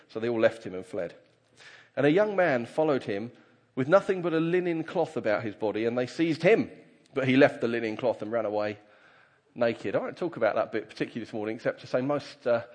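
Preacher in a reverberant hall. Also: male voice, medium pitch. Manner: conversational, animated when reading scripture. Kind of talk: sermon with scripture reading. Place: church hall.

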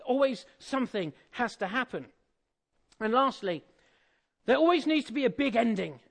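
A man's voice: very high-pitched, lively intonation, normal speed, vocal fry. A married man preaching an Easter sermon in a conversational, jokey way, often asking the audience questions. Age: adult, married.

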